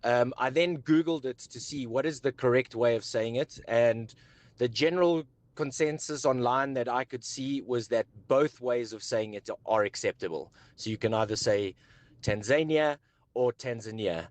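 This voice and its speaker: A man's voice: mid-range voice, moderate pace, dry recording. A man leaving a radio show a hesitant message full of fillers. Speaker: radio caller.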